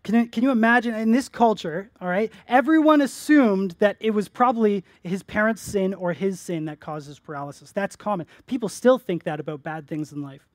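A male pastor preaching a sermon in church, earnest, rising to emphatic peaks and dropping soft on key phrases. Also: high-pitched, fairly quick, hardly any pauses, no echo.

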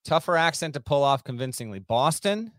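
A man's voice: a little high, animated, a little fast, a bit bright, no echo. Teasing man co-hosting sports talk. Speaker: podcast co-host.

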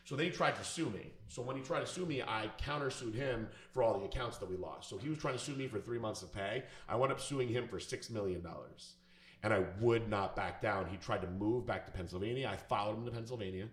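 A man's voice: lowish voice, fairly quick. A man telling a personal story in a casual, blunt, profane and emphatic way. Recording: echoey room.

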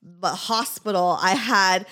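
A woman's voice: mid-range voice, slow, bright, forceful tone. A woman co-hosting a podcast, chatting casually with many fillers and laughing often. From Southern California. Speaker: podcast co-host. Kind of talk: casual chat, reading a listener letter.

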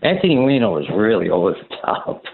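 A male caller rings a talk radio show, indignant and critical, speaking in halting bursts. His voice rises and falls a lot. He sounds thin and tinny down the phone line. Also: fairly low pitch, sing-song, vocal fry, slight background noise.

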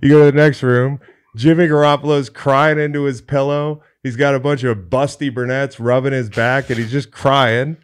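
A man co-hosting a laid-back sports podcast in a middle pitch. He tells a comic story with plenty of swearing and slips briefly into quick impressions of the people in it. His delivery is loose and animated. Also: smooth. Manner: profane, animated storyteller doing quick character voices. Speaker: podcast co-host. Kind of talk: comedic storytelling, casual chat.

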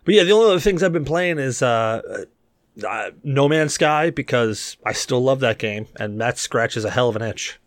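Animated joking man on a gaming podcast. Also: no room sound, clean studio sound. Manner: animated, joking, quick swings in pitch. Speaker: podcast co-host. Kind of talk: casual gaming chat.

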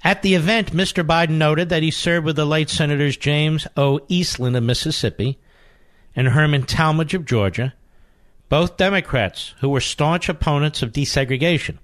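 A man's voice: fairly high pitch, no echo. A male radio talk show host delivering a sarcastic, combative monologue, reading news aloud and interrupting it with muttered asides. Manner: combative, sarcastic, swings between loud emphasis and muttered asides. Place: radio studio. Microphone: studio microphone.

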